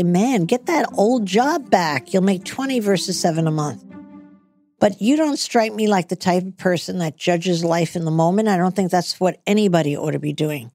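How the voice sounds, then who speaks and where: A woman's voice: fairly low pitch, darkish tone. A middle-aged woman hosting an advice show, blunt and emphatic as she coaches callers. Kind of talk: business advice talk.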